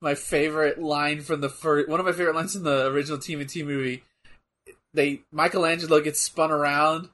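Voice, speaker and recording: High bright-voiced dude, super animated, cracking up while watching wrestling. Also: male voice, a little fast. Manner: animated, laughs often, bursts into shouting. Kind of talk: casual chat, reacting to a wrestling match.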